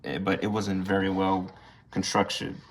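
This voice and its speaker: A man's voice: low-pitched, flat delivery, moderate pace, breathy edge. A young man casually reviewing an action figure, rambling, swearing freely and airing blunt gripes. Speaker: toy reviewer. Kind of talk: casual unscripted toy review.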